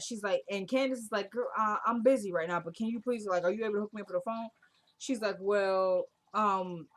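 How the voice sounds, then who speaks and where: A woman's voice: medium pitch, steady tone, brisk. A woman casually recapping a TV drama episode, retelling the scenes and quoting the characters in a chatty, opinionated way.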